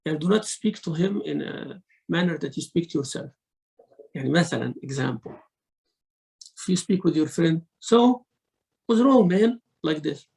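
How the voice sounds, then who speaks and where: A man giving a religious lesson, mixing quick recitation into his English explanations and acting out examples of speech. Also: on the high side, creaky, a little mellow, rough recording. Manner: mixes Arabic recitation into English teaching, acts out rude and polite speech. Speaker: sheikh teaching Quran commentary.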